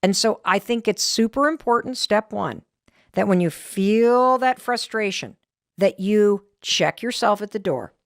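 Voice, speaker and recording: A middle-aged woman hosts her podcast, telling a story on herself with animated, self-deprecating energy. Her pitch swings widely as she talks, and the sound is dry and close. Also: measured pace, no room sound. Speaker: podcast host. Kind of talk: casual talk to listeners.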